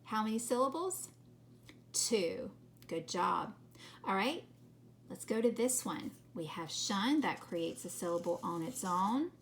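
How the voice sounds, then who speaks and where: Woman, teacher, slow deliberate pace, patient, sounds out words for children. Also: mid-range voice, expressive, a little hiss or hum. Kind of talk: phonics lesson for children.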